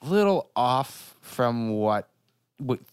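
A man's voice: medium pitch, big pitch swings, extremely slow, smooth, dry recording, clean studio sound. A man co-hosting a podcast in casual chat, rambling with many filler words. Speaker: podcast co-host.

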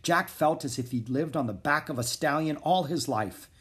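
Calm man reading a children's book. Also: fairly high pitch, moderate pace. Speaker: narrator. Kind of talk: storybook narration.

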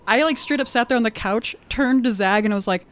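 A woman with an accent casually recapping a tabletop game session, animated and laughing often, peppering her talk with "like". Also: a little high, fast talker. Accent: non-standard accent of her own. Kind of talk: casual storytelling chat.

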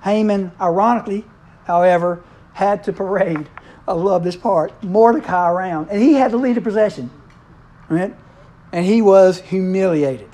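A man, preaching in a relaxed, chatty way. He jokes with the congregation and slips into quick voices for the people in the story. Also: sits high. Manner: playful, acts out characters' lines in quick voices. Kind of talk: casual conversational sermon.

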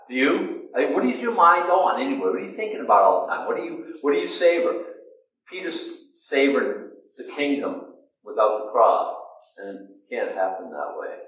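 A man preaching a sermon at a middle pitch, telling the story in a lively way and acting out its people with sudden jumps up in pitch. He is picked up from some distance, and his voice rings around a roomy, echoing hall. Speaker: pastor. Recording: echoey room, distant mic.

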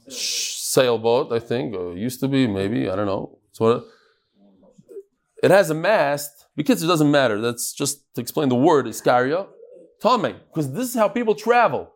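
A man teaching a live Talmud class, lively and chatty, teasing his audience. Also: medium pitch, unhurried.

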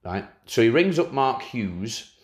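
A man co-hosting a casual football podcast, telling anecdotes with lots of swing in his pitch. His voice sits in an echoey room. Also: a little slow. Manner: lively storyteller, slips into impressions of people. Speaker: podcast co-host.

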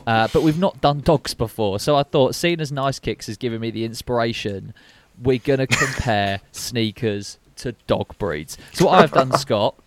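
A man's voice: mid-range voice, normal speed, few pauses. A young man co-hosting a podcast, chatty and jokey, rambling with fillers as he sets up a game. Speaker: podcast co-host. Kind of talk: casual podcast chat.

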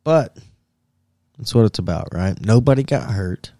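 A man's voice: on the low side, lively intonation, measured pace, dark tone, no room sound, clean studio sound. A man on a podcast casually telling a wild story, swearing a lot, laughing and acting out what people said. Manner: profane, laughing, acts out quoted voices. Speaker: podcast co-host.

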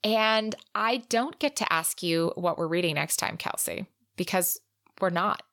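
A woman's voice: lowish voice, measured pace, fairly bright tone, no echo, studio quality. A woman co-hosting a book podcast, chatting in an upbeat, bubbly way. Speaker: podcast co-host. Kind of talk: casual chat.

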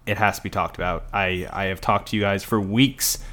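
A man's voice: low-pitched, fairly even intonation, fairly quick, fairly bright tone. A young adult man co-hosting a casual sports podcast, ranting heatedly and sarcastically, with a lot of swearing. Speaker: podcast co-host.

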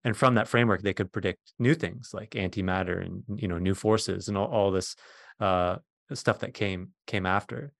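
A man's voice: low-pitched, moderate pace, vocal fry, no echo, clean studio sound. A middle-aged man, a physicist guest, patiently explaining science in plain words during a conversation.

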